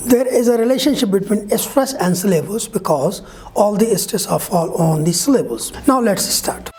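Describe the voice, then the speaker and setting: A woman teaching pronunciation in a slow, repeating lesson, speaking. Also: mid-range voice, animated, dark tone, roomy sound, faint music behind, poor audio. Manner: explains slowly, repeating and quizzing the listener. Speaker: English teacher. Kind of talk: online grammar lesson.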